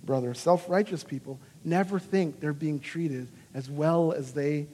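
A man in his thirties preaching a sermon as a pastor, earnest and animated, acting out quoted lines with feeling. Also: fairly high pitch, measured pace, in a large hall, a little hiss or hum.

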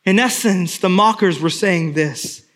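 A man's voice: sits high, measured pace. A man pastor preaching a sermon with emphatic repeated refrains.

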